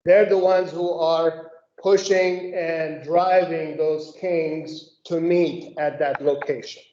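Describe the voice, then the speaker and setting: Woman teaching bible study to a group, super slow and careful, keeps asking okay?, echoey room, kinda muffled audio. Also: low voice, fairly even intonation, warm tone. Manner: slow, methodical explaining, checking in with "okay?". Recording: echoey room, dull lo-fi sound.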